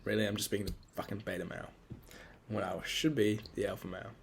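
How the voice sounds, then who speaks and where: A man's voice: on the low side, little pitch movement, fast talker, vocal fry, a little hiss or hum. A young man, rambling through a casual, profane and self-critical solo podcast monologue. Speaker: podcast host.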